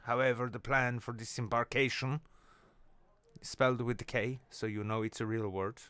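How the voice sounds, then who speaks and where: Male late-night host, foul-mouthed and sarcastic, smooth clear voice, dry close sound. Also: mid-range voice, fairly bright tone, no room sound. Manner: sarcastic, crude, swears constantly. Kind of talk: profane satirical news rant. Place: apartment. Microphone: on camera at home.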